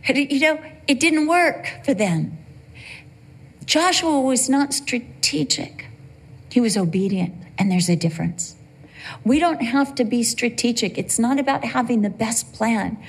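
A woman's voice: a little high, animated, measured pace, slightly rough. A middle-aged woman preaching a sermon in a church, conversational and storytelling, slipping into playful voices when she quotes people. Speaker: pastor.

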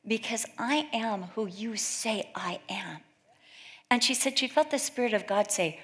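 A woman's voice: a little high, normal speed, fairly bright tone. A middle-aged woman giving a sermon in a conversational, storytelling style, acting out quoted voices as she goes. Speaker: speaker at a church gathering. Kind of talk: sermon with personal stories.

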